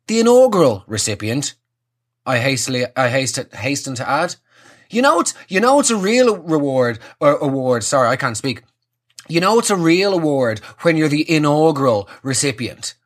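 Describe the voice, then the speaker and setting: A man's voice: medium pitch, a bit bright. Young man, comic host, wry and self-deprecating, casual monologue. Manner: wry, self-mocking, sweary asides. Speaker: comedian hosting his own show.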